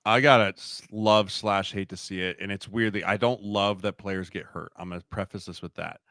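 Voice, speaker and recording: A former football player as a podcast guest, talking in a laid-back casual way with lots of "like". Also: male voice, fairly low pitch, fairly even intonation, normal speed, fairly bright tone, no echo, studio quality. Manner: laid-back, says "like" often. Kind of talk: casual sports chat.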